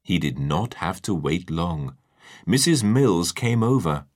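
Deep-voiced guy reading a kids story, slow and animated. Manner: slow, lively and expressive. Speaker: narrator.

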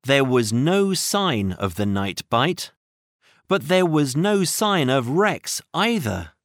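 A very animated narrator reads a children's audiobook at a slow pace, full of expression, the pitch climbing and dipping broadly. It's a close recording with no room sound whatsoever.

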